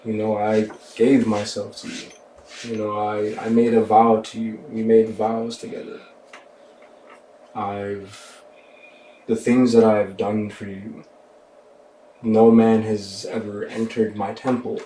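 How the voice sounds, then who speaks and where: A man's voice: fairly low pitch, level tone, slight background noise. A man voicing a heartbroken betrayed warrior woman. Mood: hurt, reproachful. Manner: quiet, slow, heartbroken reproach. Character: betrayed grieving female warrior, wounded and cold. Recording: roomy sound from a distant mic.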